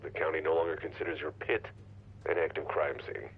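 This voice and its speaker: An actor voicing a formal, slightly hesitant sheriff's deputy in game dialogue. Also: male voice, very deep voice, flat delivery, brisk, gravelly, dull audio, slight background noise.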